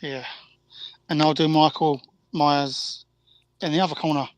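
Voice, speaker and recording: A man's voice: a little high, fairly even intonation, a little slow, no echo, dull audio. A cheerful man chatting casually with friends while drawing, laughing often. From Britain. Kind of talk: casual chat.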